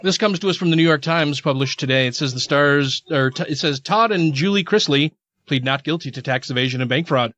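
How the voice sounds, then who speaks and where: A man's voice: fairly high pitch, a little fast, fairly bright tone. A man co-hosting a casual podcast, reading news articles aloud and adding wry asides. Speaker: podcast co-host. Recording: dry, dull lo-fi podcast audio.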